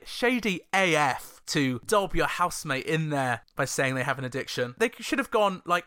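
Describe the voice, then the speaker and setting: Bright-voiced sarcastic man. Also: fairly high pitch, no room sound, studio quality. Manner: sarcastic, gossipy asides. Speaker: chart show host. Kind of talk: casual comedic chart commentary.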